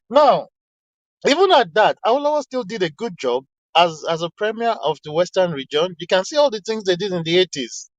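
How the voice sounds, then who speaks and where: Earnest and argumentative, a man with a high voice cites passages from texts during a casual online discussion, frequently starting his sentences over. The audio is dry, with a somewhat muffled lo-fi online sound.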